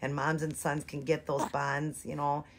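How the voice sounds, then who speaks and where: A woman's voice: sits low, completely flat delivery, moderate pace, slight background noise. A woman in her forties chatting to viewers, telling a long rambling story. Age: 40s. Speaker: reborn doll vlogger. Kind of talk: casual chat to viewers.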